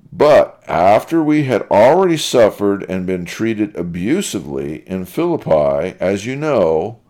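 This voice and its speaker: A mellow man's voice, fairly low in pitch, leads a Bible study lecture. Deliberate and methodical, he reads the verses aloud and then explains them one point at a time.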